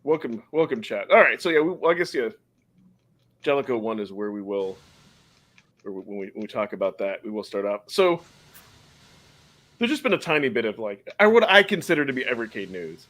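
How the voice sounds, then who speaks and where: A man talks at a mid pitch as he hosts a relaxed podcast. He chats easily, laughs a lot and now and then trips over words. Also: a little fast, long pauses. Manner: chatty, laughs often, stumbles over names. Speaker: podcast host. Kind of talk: casual podcast chat.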